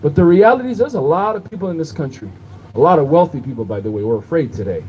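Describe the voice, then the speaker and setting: A man's voice: on the high side, expressive, rapid-fire, warm tone, muffled recording, a little hiss or hum. A man delivering an impassioned outdoor protest speech at night, building rhythm through repeated rhetorical phrases. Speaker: rally speaker.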